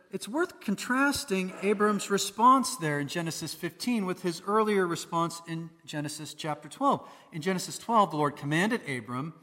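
A man's voice: sits high, sharp tone, in a large hall. A man preaching a sermon in a conversational way, posing rhetorical questions to his listeners. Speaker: pastor.

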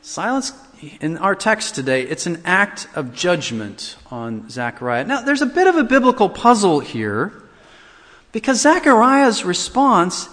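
A man delivering a sermon with a lively, expressive voice that leaps up and down as he acts out quoted lines. His pitch sits a little high for a man. The sound carries a long reverb, as if in a large hall. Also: measured pace. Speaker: pastor.

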